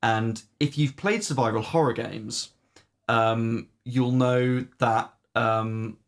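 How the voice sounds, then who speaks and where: A man's voice: mid-range voice, steady tone, takes it slowly. A man co-hosting a podcast, casually reviewing games with lots of ums and the odd swear. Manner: rambling, many "um"s, swears casually. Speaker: podcast co-host. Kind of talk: casual game review chat.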